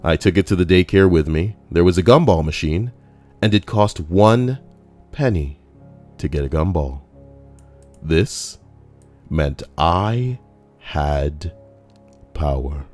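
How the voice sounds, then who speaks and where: A man's voice: low-pitched, animated, takes it slowly, pauses often, a little mellow, soft background music. A man reading forum stories aloud with comedic commentary, crude and profane, full of jokey asides. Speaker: YouTube narrator reading forum posts.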